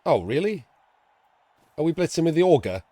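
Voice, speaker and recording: A man casting a live tabletop-style video game match, chatty and excitable, laughing and swearing casually as he explains the plays. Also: on the high side, moderate pace, no room sound. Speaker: esports commentator.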